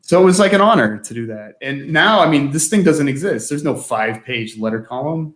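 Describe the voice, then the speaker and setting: Animated and brisk, a man with a mid-range, slightly bright voice tells stories as a guest in casual conversation. A former magazine staff writer, he laughs often and leans on "like" as a filler.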